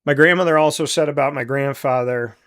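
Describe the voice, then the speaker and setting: A man in his forties from central New York, hosting a talk show and speaking in a heartfelt, halting, openly emotional way. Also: mid-range voice, a bit bright. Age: 40s. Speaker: host. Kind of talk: casual talk show monologue.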